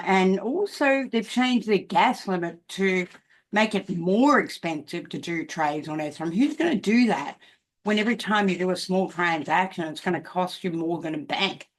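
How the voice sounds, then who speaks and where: An older woman with an Australian accent, talking casually to camera about markets, emphatic and often checking in with "okay?". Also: fairly low pitch. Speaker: crypto commentator.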